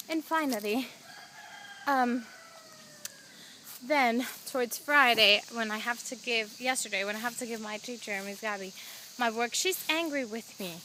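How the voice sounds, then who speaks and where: Bright high-voiced teenage girl venting. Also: a little hiss or hum. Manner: chatty, swears often, relays events as back-and-forth dialogue. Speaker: vlogger. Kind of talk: venting storytime to camera. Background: roosters crowing faintly outside.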